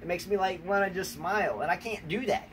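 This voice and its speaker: A man's voice: sits high, brisk, a bit bright. An American man hosting a tennis talk show, playfully trash-talking his wife in a rambling, teasing way. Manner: teasing, rambling, repeats "number one, okay?". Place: outdoors on a rainy day. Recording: distant mic with faint ambient noise.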